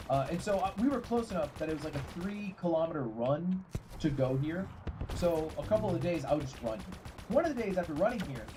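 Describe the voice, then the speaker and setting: A man streaming a game, telling a rambling, profane story in casual chat. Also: sits high. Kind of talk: casual storytelling while gaming. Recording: game gunfire noise under voice. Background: game gunfire and ambience.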